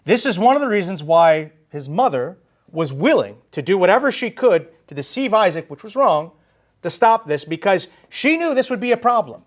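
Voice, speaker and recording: Animated high-voiced male preacher. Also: moderate pace. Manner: animated and emphatic, stressing key phrases. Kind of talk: sermon. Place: church sanctuary.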